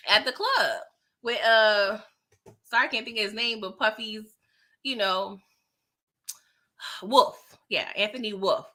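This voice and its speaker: A woman recapping a TV episode in a casual vlog, animated and exasperated, talking in slang and often laughing. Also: a little high. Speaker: TV recap vlogger. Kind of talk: casual spoken review.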